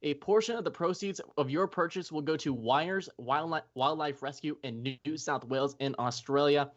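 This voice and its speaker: A man guesting remotely on a podcast, joking at his own expense and tripping over his words. His voice is a little high, and the remote line sounds dull. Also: normal speed. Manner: self-deprecating, stumbling, joking. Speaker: guest contributor. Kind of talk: casual podcast chat and promo read.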